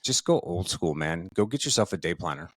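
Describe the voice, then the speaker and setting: Low-voiced man giving casual advice. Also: brisk, no echo. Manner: relaxed and advice-giving, informal with mild swearing. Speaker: podcast co-host. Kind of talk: casual podcast chat.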